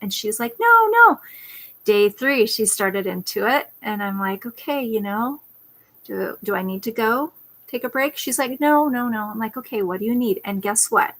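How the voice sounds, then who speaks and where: A woman's voice: medium pitch, normal speed. A woman parenting coach telling a personal story on a talk show over a video call, reflective, now and then putting on her child's pleading voice.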